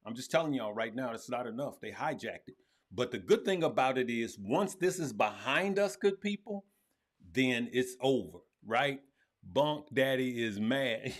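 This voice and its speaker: A man's voice: mid-range voice, a little slow. A man hosting a live stream on crypto, talking straight to his viewers and repeating his points. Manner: animated, talks to viewers as "good people", often repeats himself. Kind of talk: casual live-stream commentary.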